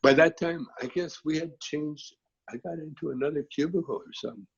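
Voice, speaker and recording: Gravelly, laid-back male storyteller. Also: on the high side, fairly quick, lo-fi sound. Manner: laid-back, frequent filler phrases. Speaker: guest, actor and comedian. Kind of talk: rambling interview storytelling.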